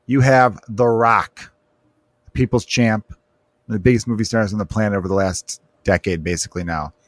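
A man's voice: on the low side, fairly even intonation, normal speed, no room sound. Male podcast host, casual and joking, dry studio sound. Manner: rambling, joking, fond of asides.

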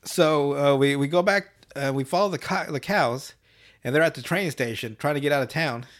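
Profane, rambling, fairly high-voiced man. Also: moderate pace. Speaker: podcast host. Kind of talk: casual episode recap.

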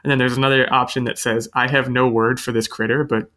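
Bright-voiced chatty podcast host. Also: male voice, medium pitch, level tone, fast talker, slight background noise. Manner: chatty, self-mocking, thinks aloud with restarts. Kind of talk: casual podcast chat.

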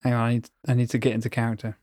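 A man's voice: medium pitch, completely flat delivery, rapid-fire, darkish tone, dry recording, studio quality. A man co-hosting a podcast, chatting casually in a jokey, self-mocking way. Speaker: podcast co-host. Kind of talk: casual chat.

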